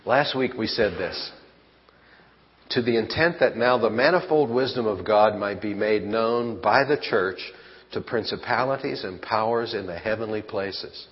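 A man's voice: lowish voice, a little slow. A man preaching a sermon as pastor, folksy and conversational, asking his congregation rhetorical questions. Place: church. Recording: lo-fi church hall recording with long reverb.

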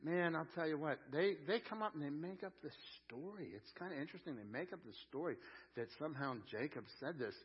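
In a church sanctuary, a male pastor delivers a sermon full of homely, folksy stories told in an emphatic, colloquial style. His fairly high voice is animated and a little fast with a breathy edge, and the lo-fi recording sounds dull with long hall reverb.

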